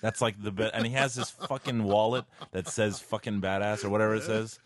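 A man's voice: lowish voice, fairly even intonation, a little fast, no echo, studio quality. A man co-hosting a podcast, talking in crude, profane casual banter and laughing often. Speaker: podcast co-host.

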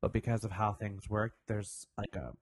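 A man's voice: fairly low pitch, steady tone, moderate pace, no room sound, clean studio sound. A man co-hosting a podcast, chatting casually with joking banter. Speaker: podcast co-host. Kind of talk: casual chat.

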